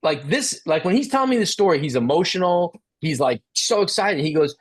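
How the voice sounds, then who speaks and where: Middle-aged man telling a lively story. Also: a little high, fairly quick, hardly any pauses, slightly rough. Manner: animated, acts out dialogue. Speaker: expert speaker. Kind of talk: storytelling talk.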